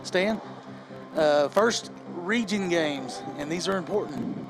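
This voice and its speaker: A man's voice: a little high, slow, over music, rough recording. Man hosting a pregame show. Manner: casual, conversational, leads the segment. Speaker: play-by-play host. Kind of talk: pregame sports commentary. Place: outdoors at a football field.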